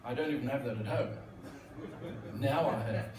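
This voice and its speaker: A man's voice: mid-range voice, normal speed, a little mellow, slight background noise. A man giving a joking keynote talk with magic tricks at a conference, teasing the audience. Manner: joking, playful, talks to the crowd. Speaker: corporate speaker and magician. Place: large conference hall. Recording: echoey hall, mic from a distance.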